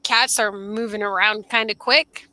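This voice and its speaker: Animated woman telling a story, bright voice. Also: mid-range voice, measured pace, no echo. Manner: animated, acts out quoted voices. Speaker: podcast co-host. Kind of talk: casual storytelling chat. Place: outdoors under an umbrella.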